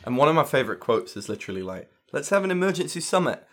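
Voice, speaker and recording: Animated man reviewing a film. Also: medium pitch, rapid-fire. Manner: animated, swearing, acts out quotes. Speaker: podcast co-host. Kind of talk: casual film review chat.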